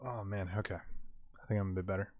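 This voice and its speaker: A man streaming a story game, chatting casually with laughing asides and some swearing while his voice grows strained and hoarse. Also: sits low, flat delivery, a little fast, a little mellow, a little hiss or hum. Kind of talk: casual game commentary and read-aloud. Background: game music.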